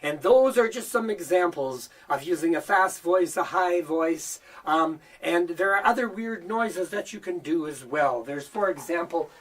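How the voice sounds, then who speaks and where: As he teaches a kids' magic routine, a man addresses his audience as if they were children, playful and animated, with repeated mock-surprised "oh, oh" and "uh-oh" cries. His voice is a little high and a little slow, with hardly any pauses, and the recording is from a distance.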